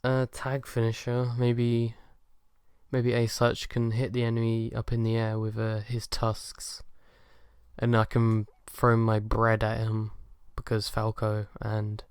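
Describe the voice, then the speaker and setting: A man's voice: medium pitch, monotone, slow pace, clean tone, no echo, clean studio sound. A young man answering fan questions in a casual chat, hesitant and self-deprecating, with lots of ums and uhs. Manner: soft-spoken and shy.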